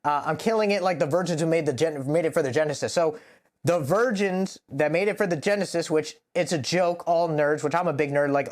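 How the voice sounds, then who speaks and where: Profane rapper with a raised voice. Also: male voice, a little high, brisk. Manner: rambling, profane, heavy use of "like". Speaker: rapper explaining his lyrics. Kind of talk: casual lyric breakdown to camera.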